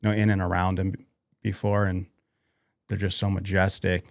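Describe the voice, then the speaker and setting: A man from North Idaho, a podcast guest talking casually in a halting way, with many fillers and restarts. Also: deep voice, little pitch movement, no echo, clean studio sound. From North Idaho, USA. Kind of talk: casual interview conversation.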